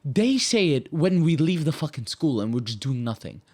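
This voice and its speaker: Young Maltese man ranting, lively pitch. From Malta. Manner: heated, swearing, fast rambling rant. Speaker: podcast co-host. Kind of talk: casual chat.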